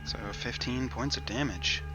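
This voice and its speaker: A man narrating as game master of a tabletop game, easygoing and casual, with many pauses. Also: medium pitch, highs cut off, over music. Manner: easygoing, casual, says "uh" often.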